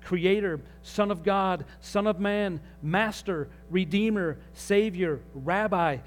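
A man's voice: high voice, slow, soft background music. A man preaching as a pastor, earnest and rising in emphasis on key phrases. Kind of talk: sermon.

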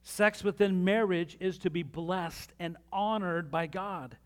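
A man preaching a sermon as pastor, reading scripture with pauses and lively asides to the congregation. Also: sits high, clear, resonant tone.

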